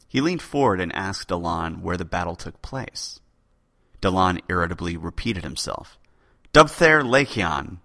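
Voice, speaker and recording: A man hosting a podcast, narrating a historical tale with a lively, dramatic delivery. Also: low voice, vocal fry. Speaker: podcast host.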